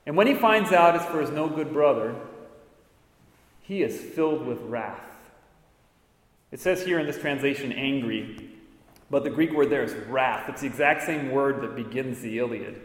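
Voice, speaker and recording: A priest preaching a sermon, earnest with wry asides, in a church. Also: male voice, medium pitch, normal speed, pauses often. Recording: echoey hall with long reverb.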